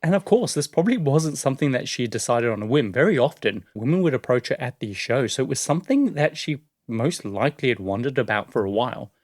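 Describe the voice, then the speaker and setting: A man telling a story on a podcast, easy and chatty. He laughs often and drops casual fillers as he goes. His voice sits at a middle pitch and sounds dry and close. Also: expressive, quick pace, few pauses, a little mellow, no echo. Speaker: podcast co-host.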